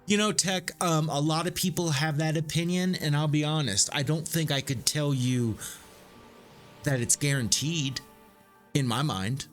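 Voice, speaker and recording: This streamer's voice sits a little high, and he talks at a measured pace while soft music plays behind him. Gaming live, he chats casually and loosely with viewers, cursing without hesitation.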